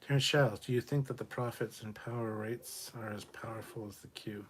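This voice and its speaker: A man's voice: fairly low pitch, fairly even intonation, a little fast, a little hiss or hum. A man hosting a casual live stream, reading viewer questions aloud and answering them bluntly, with plenty of swearing and muttered asides.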